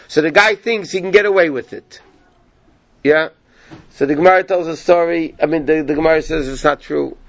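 A man's voice: on the high side, no room sound, highs cut off. Man telling a Torah lesson story. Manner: conversational, asks "yeah?" of listeners. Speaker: Torah teacher.

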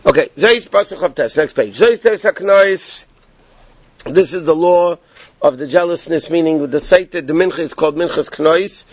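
A man's voice: on the high side, normal speed, dry recording. A man teaching a Torah class, explaining a text step by step and checking in with his students. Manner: explanatory, repeats points and checks in with "okay?". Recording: dull, lo-fi and dry.

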